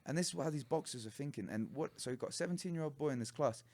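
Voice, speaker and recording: A man, a martial arts coach talking as a podcast guest, telling stories in a lively, animated way. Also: on the high side, very fast. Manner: animated storyteller who acts out other people's lines. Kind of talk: casual storytelling interview.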